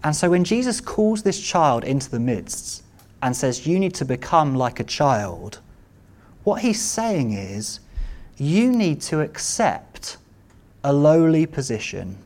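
A man's voice: a little high, big pitch swings, takes it slowly, darkish tone. A man preaching a sermon in an earnest way, building to emphatic repeated calls. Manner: earnest, rising to emphatic repetition.

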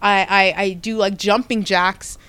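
A young woman hosting a podcast, telling a personal story in a casual, animated way with frequent restarts and self-corrections. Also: medium pitch, measured pace, clean tone. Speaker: podcast host.

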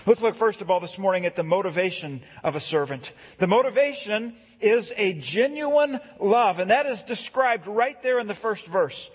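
A middle-aged man preaching a sermon, earnest, slowing down to read scripture and building emphasis. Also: high-pitched, lively intonation, slightly rough. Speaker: pastor. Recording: echoey hall, dull lo-fi sound.

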